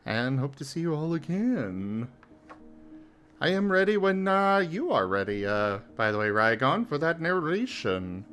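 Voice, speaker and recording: A man's voice: a little high, sing-song, unhurried, fairly bright tone, clear, resonant tone. A young man hosting a live game stream, chatting casually with frequent fillers and laughs. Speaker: streamer host.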